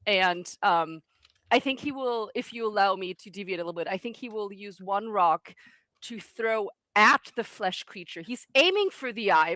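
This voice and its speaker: A woman's voice: medium pitch, fairly bright tone, no room sound. A woman playing in a tabletop game, chatty and giggly. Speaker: player.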